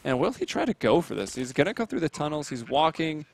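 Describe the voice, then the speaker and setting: A man calling a competitive shooter match from home in a casual, chatty way, with sudden excited bursts at the big plays. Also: fairly high pitch, fast talker, gravelly, a little hiss or hum. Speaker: esports caster. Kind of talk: play-by-play game commentary.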